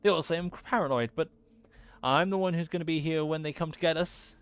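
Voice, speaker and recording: A man's voice: a little fast, clear, resonant tone, natural voice. A man voicing a jumpy, paranoid male character in a video game, talking in a nervous, defensive way. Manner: nervous, defensive, raised pitch.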